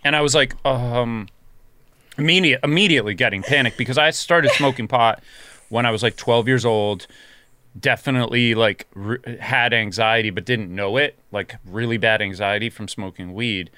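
Man telling a lively story, bright voice. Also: medium pitch, normal speed, no echo. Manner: animated, swears freely, acts out quotes. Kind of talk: casual storytelling chat.

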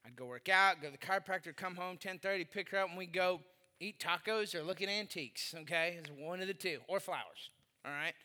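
A middle-aged male pastor preaches a sermon in a very high, piercingly bright voice at a fairly quick pace. He tells funny stories with lively delivery and sudden shouts, and his voice rings with the long reverb of a large hall.

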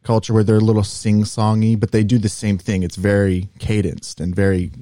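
A young man co-hosting a podcast, telling stories in a rambling, animated way. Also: lowish voice, brisk, no room sound, studio quality. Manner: rambling, animated storytelling with demo voices. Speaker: podcast co-host. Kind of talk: casual chat.

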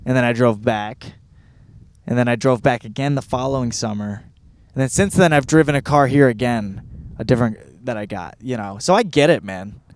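A man's voice: medium pitch, normal speed, a little hiss or hum. Rambling, profane male podcast host. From Michigan. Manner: rambling, profane, self-deprecating. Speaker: podcast host reviewing a book. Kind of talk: casual profane monologue. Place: California.

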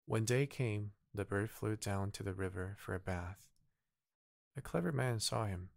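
A man with a Korean first language reads a fairy tale aloud in a calm, soft bedtime-story manner. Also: vocal fry, dry recording, studio quality. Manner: slow, soft, low-key reading. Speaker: narrator.

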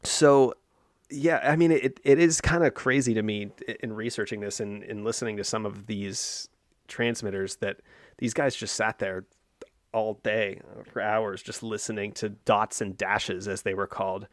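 Low-voiced man explaining history on a podcast. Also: steady tone, moderate pace, no room sound, studio quality. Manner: explanatory, thinks aloud with fillers and restarts. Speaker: podcast co-host.

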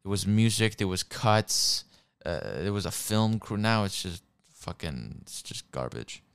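Twenties male, profane ranter, smooth resonant voice, dry close mic. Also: fairly low pitch, expressive, a little slow, a bit bright, no echo. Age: 20s. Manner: crude, swearing, worked-up ranting. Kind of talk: profane comedic rant.

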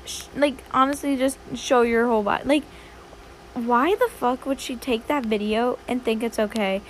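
A woman's voice: fairly high pitch, fairly even intonation, normal speed, slight background noise. A young woman hosting her own podcast, rambling and swearing a lot in a dramatic, casual chat. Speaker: podcast host.

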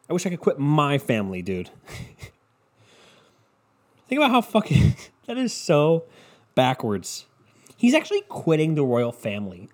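A man's voice: on the high side, big pitch swings, normal speed, pauses often, darkish tone. A young man from the United States ranting casually, sarcastic and profane, mocking his topic.

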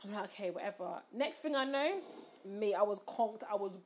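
A woman's voice: mid-range voice, moderate pace, slight background noise. A young woman telling a funny personal story in casual chat, laughing and acting out what she and others said. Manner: animated, laughing storyteller who acts out her own quotes.

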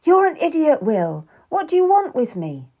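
A woman reading the lines of a spirited young Tudor lady, high-pitched and emphatic in her protests. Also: huge pitch swings, normal speed, a little mellow, heavily acted. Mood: protesting.

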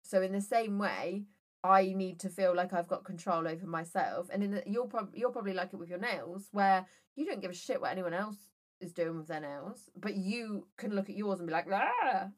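A woman's voice: medium pitch, a little fast. A woman co-hosting a casual podcast chat, telling jokey stories with plenty of swearing. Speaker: podcast co-host.

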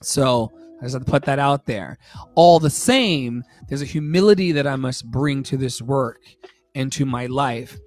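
A man co-hosting a casual podcast, reading a passage aloud with animated, profane emphasis. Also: medium pitch, moderate pace. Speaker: podcast co-host.

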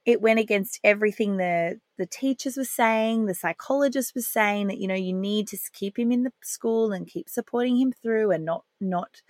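A woman in her thirties speaks candidly into a close podcast microphone, sharing a personal family story with warmth and the occasional laugh. Her voice sits in a middle pitch and the sound is dry and close, with no room around it. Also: moderate pace, few pauses, no room sound. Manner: candid, heartfelt, laughs while recalling. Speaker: parenting podcast host.

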